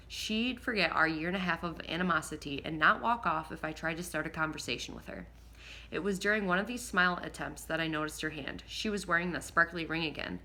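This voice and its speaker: A woman narrating a first-person audiobook in a lively, expressive way, now and then slipping and rereading a line. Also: on the low side. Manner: lively, expressive reading with occasional slips and rereads.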